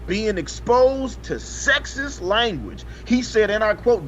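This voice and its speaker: Lively man reading news. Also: high voice, slow pace. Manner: animated, profane, joking asides while reading. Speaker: podcast co-host. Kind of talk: casual chat, reading news aloud. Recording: slightly dull, faintly noisy podcast audio.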